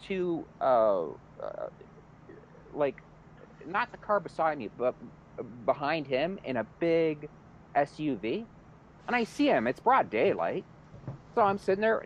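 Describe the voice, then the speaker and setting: Animated, profane man ranting. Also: a little high. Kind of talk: casual storytelling rant. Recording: dull lo-fi recording, faint noise.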